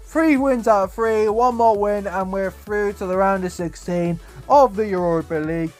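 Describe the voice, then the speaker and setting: A young man giving casual commentary over football game highlights, exasperated and swearing about his team. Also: moderate pace, soft background music. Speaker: gaming YouTuber.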